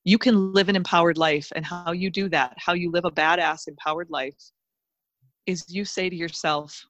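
Woman, podcast guest: low-pitched, dry close-mic sound, passionate motivational delivery with lots of emphatic repetition. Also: moderate pace, fairly bright tone, dry recording, muffled recording. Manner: fired-up, emphatic, repeats phrases. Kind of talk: motivational pep talk.

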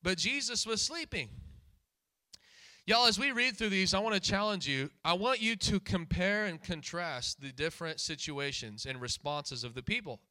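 Preaching a sermon, this man speaks with a high, bright, forward voice at a moderate pace, animated and with few pauses. He hammers his points by repeating key lines and firing questions at the congregation.

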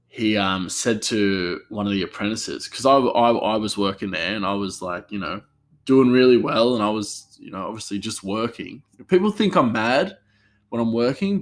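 A man, hosting a podcast as a chef, chatting casually in a rambling way with many restarts. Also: lowish voice. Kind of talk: casual solo podcast chat.

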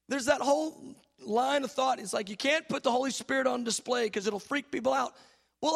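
A man, a pastor preaching a charismatic sermon, swinging from soft musing to shouted preaching. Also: very high-pitched, fairly quick, creaky, slightly rough.

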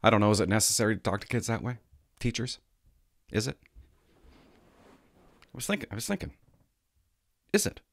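A man's voice: lowish voice, very animated, fairly quick, gravelly, long pauses, no room sound, studio quality. A father in his thirties casually telling a story and ranting, with rhetorical questions and some swearing. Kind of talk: casual chat.

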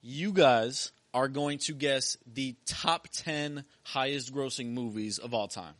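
Male podcast co-host, mid pitch, relaxed, dry close recording, hosts a quiz. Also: takes it slowly, dry recording. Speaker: podcast co-host running a game. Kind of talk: casual chat.

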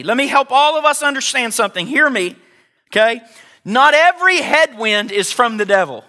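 A man's voice: very high voice, lively intonation, moderate pace, bright, forceful tone. A man preaching a sermon as pastor, emphatic, repeating key phrases and speaking straight to the congregation.

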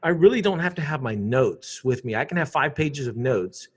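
A man, a public speaker chatting casually in an interview, animated and quick to repeat words. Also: mid-range voice, breathy edge.

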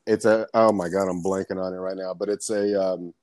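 A man's voice: deep voice, fairly even intonation, fairly quick, noisy background. A man telling casual stories as a podcast guest, rambling and swearing, laughing often. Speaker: guest, comedian and background actor. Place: lives in Florida.

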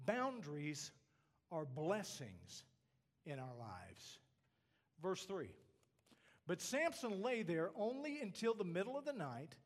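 A male pastor preaching a sermon, swinging between animated points and quiet asides, often checking in with "okay?". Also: sits high, slow, long pauses. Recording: long reverb of a large hall.

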